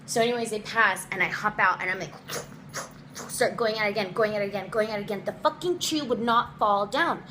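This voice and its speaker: A young woman telling a personal story in a casual storytime vlog, animated, with lots of swearing and acted-out quotes. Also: a little fast, background noise. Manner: animated, swearing, quotes people in voices, dramatic pitch jumps.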